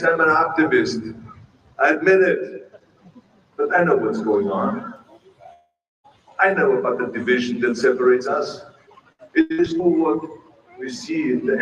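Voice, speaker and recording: A man's voice: mid-range voice, a bit bright. Older Austrian-accented man giving a speech. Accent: Austrian German. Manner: humorous, emphatic, self-deprecating. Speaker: keynote speaker. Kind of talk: public speech. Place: outdoor ceremony. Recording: echoey distant public-address sound with background noise.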